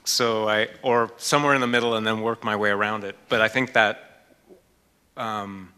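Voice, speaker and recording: A man's voice: fairly low pitch, fairly even intonation, normal speed, pushed and bright, clean tone. A man, an author and art historian, speaking in a panel discussion in a thoughtful, hesitant way with frequent fillers. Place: lecture hall. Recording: reverberant hall.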